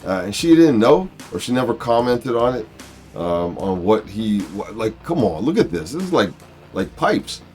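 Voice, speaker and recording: A man hosting a casual comic book review, talking in a halting way with many fillers. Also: lowish voice, very animated, a little mellow, soft background music. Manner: halting, full of uh and um. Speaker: comic book video host.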